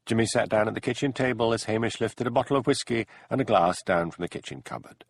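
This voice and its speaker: A man narrating an audiobook in measured storytelling. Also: lowish voice, creaky, slightly rough, dry recording. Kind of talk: scripted narration.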